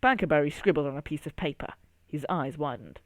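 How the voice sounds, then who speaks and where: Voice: medium pitch, a little fast, dry recording. A storyteller reading a children's story aloud, speaking straight to young listeners. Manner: addresses young listener, expressive.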